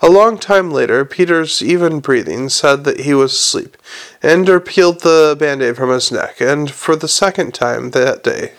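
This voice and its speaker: A man reading a novel aloud in a plain, steady manner. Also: a little high, moderate pace. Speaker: audiobook reader.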